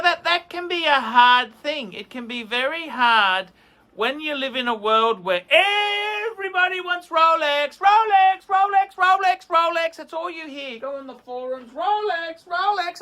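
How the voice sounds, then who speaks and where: A man's voice: high voice, bright, forceful tone. A man reviewing watches in a rambling, enthusiastic way, repeating words for emphasis. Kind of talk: casual video review.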